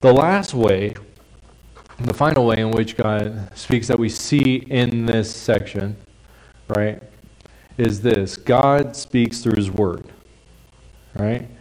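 A male preacher giving a sermon in a conversational, explanatory way, dropping into soft hushed tones for quiet phrases. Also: lowish voice, slow, long pauses, rough recording. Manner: conversational, drops to a soft hush for quiet lines.

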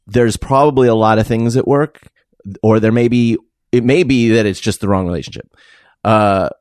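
Low-voiced man giving hesitant advice. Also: darkish tone, no room sound, studio quality. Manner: thoughtful, hesitant, many fillers. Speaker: podcast co-host. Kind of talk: casual advice chat.

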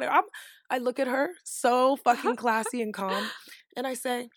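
Animated, high-voiced young woman storyteller. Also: fast, no room sound, studio quality. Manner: candid, animated, swears freely. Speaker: podcast co-host. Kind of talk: casual chat, storytelling.

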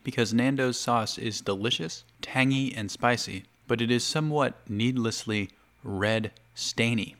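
A man's voice: mid-range voice, measured pace, fairly bright tone. A man chatting casually to camera for his video blog, talking between bites of food. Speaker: video blogger.

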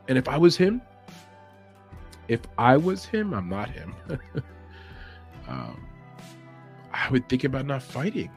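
A man hosting a podcast in a casual opinion chat, rambling, opinionated and chuckling as he talks. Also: on the low side. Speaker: podcast host.

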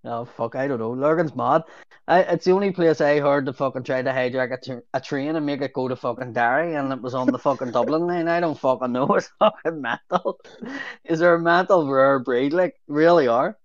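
A man's voice: medium pitch, a little fast, no room sound. A Belfast man telling rowdy stories on a casual podcast, swearing freely and breaking into laughter. The sound is dry and a little dull, as if from a lo-fi recording. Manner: sweary storyteller, laughs often. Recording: dull lo-fi audio.

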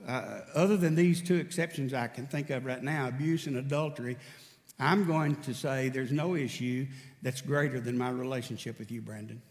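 Storytelling pastor in a reverberant church. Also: male voice, medium pitch, normal speed, a little mellow. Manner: storytelling preacher, acts out dialogue with raised voice. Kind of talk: sermon. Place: church sanctuary.

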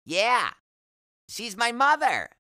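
A man voicing a nervous young boy who speaks in a high, whiny voice. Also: wildly swooping pitch, takes it slowly, pushed and bright, no room sound, studio quality, full character voice. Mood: anxious boy.

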